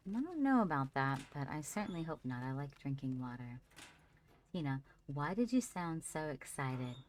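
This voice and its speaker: A woman with a notably deep, low voice, talking casually through a live gameplay stream. She chats easily with viewers and calls her character "darling" as she goes. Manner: chatty, talks to her character and chat fondly. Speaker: livestreamer.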